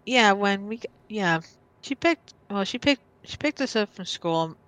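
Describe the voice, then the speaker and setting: A woman's voice: mid-range voice, lively intonation, a little slow, fairly bright tone. A woman guest on a podcast, casually telling a personal story and often stopping to restart or repeat her words.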